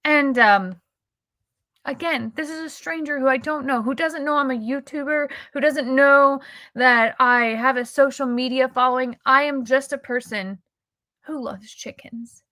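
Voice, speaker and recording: A woman's voice: high voice, unhurried, sharp tone, dry recording. A woman telling a personal story in a casual, emotional, chatty vlog style, quoting the people she met. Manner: chatty, emotional, quotes people in her stories. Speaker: YouTuber.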